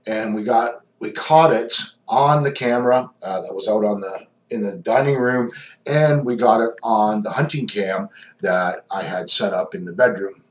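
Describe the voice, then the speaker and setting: Brief: low-pitched male paranormal investigator, rambling casual narration, echoey muffled recording. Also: normal speed. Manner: rambling, many ums and restarts. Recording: echoey, dull lo-fi sound.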